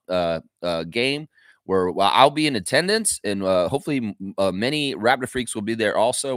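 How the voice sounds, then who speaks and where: Man, fan show host, rambling opinionated talk, middle pitch, dry close sound. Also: a bit bright, dry recording. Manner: rambling, opinionated, frequent restarts and fillers. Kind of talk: casual livestream commentary.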